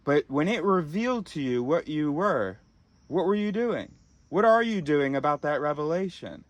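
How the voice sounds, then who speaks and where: A man's voice: a little high, animated, normal speed, no room sound. A man ranting in a profane, exasperated monologue, recorded in a car. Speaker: vlogger.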